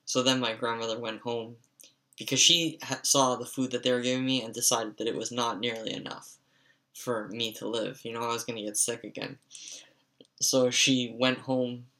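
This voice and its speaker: A young man with a stuffy, raspy voice, telling a rambling, profane story in a casual vlog. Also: mid-range voice, level tone, normal speed, bright, forceful tone. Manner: rambling, profane, frequent "like" fillers.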